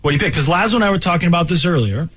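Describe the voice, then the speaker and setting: A man with a lively, swooping voice chats on a radio talk show, slightly higher than most men. He talks eagerly and grows quickly defensive when challenged. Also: husky. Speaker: radio co-host. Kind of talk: casual radio banter.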